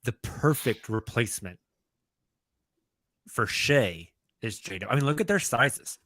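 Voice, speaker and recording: A man co-hosting a sports podcast, talking through his thinking in a relaxed, conversational way. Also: medium pitch, takes it slowly, dry recording, clean studio sound. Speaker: podcast co-host. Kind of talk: casual sports chat.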